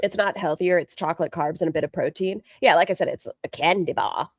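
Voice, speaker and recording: A woman's voice: lowish voice, fast talker, husky, no room sound, clean studio sound. A woman streaming live, chatting casually, swearing freely and answering her chat while reacting to a video. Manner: chatty, profane, reads chat aloud.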